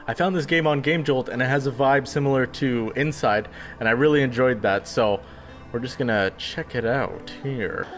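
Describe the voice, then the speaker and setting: A man's voice: medium pitch, normal speed, faint music behind. A man giving casual let's-play commentary with chatty, self-mocking asides.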